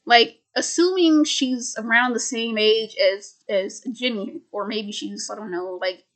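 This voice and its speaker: Stuttering woman, chatty, slightly high voice. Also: unhurried, a bit bright. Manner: stutters, repeats words and restarts often; loose and chatty, heavy use of "like". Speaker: video host recapping a film. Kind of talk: casual spoken plot explanation.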